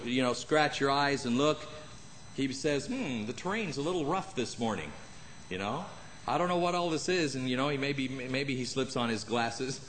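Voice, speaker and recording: A man preaching a sermon in a church, acting out the people in the passage and adding humorous asides. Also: a little hiss or hum. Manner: animated, acts out Bible characters with jumps in pitch. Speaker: pastor. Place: church sanctuary.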